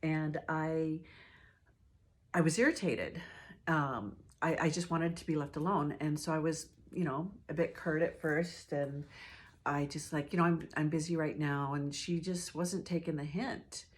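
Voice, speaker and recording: Low-voiced woman telling a personal story. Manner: reflective, halting with fillers and restarts. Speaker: hospice nurse.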